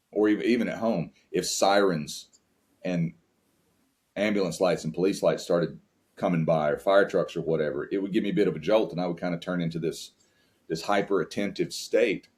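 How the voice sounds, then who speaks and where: Speaking briskly, a very deep-voiced man from the United States opens up about fatherhood as a podcast guest. Earnest and plain-spoken though warm in content, he restarts often while searching for words and is sometimes on the verge of tears.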